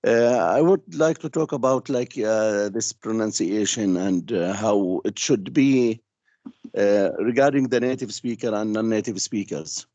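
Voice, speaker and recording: A man from Palestine speaking up in an online talk, slow and hesitant. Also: fairly low pitch, dark tone, no echo, lo-fi sound. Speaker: audience member.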